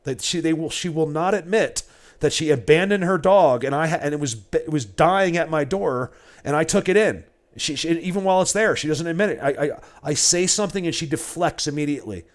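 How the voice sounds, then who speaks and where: A man's voice: on the high side, lively intonation, fairly quick. Rambling, stammering man on a livestream. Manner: rambling and emotional, stammers and repeats words. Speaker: livestreamer and Bigfoot hunter. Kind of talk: casual livestream chat to viewers.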